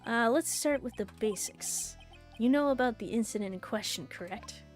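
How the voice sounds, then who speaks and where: A woman voicing a cool, brooding masked male prosecutor, speaking low, slow and unhurried. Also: faint music behind, lightly acted.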